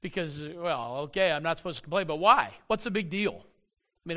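A middle-aged male pastor preaching a sermon, animated, repeating words and slowing down to stress a point. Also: a little high.

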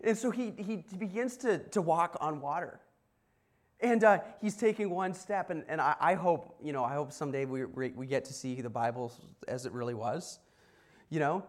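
A man's voice: on the high side, moderate pace. A man preaching a casual sermon as pastor, telling a story with asides to the congregation. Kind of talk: conversational sermon.

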